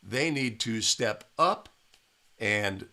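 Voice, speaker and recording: Working through game footage for basketball officials in a studio, this man speaks in a fairly low, expressive voice with drawn-out words and a sharp edge. He coaches emphatically, frequently ending points with "right?"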